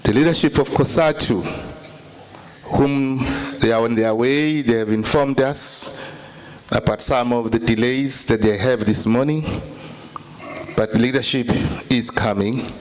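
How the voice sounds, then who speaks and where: South african man at a podium, formal speech, middle-pitched voice, measured. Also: a little hiss or hum. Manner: leads rousing viva chants, then formal address. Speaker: speaker. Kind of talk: political speech.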